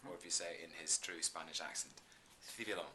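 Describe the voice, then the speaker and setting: A man's voice: extremely low pitch, level tone, fast talker, pushed and bright, a little hiss or hum. A man in his thirties, an actor being interviewed, talking earnestly and effusively with many restarts. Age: 30s. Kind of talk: casual interview chat.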